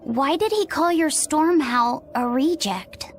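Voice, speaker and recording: An actress voicing an earnest, gentle young boy in a video game, curious and soft-spoken. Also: high voice, animated, takes it slowly, soft background music.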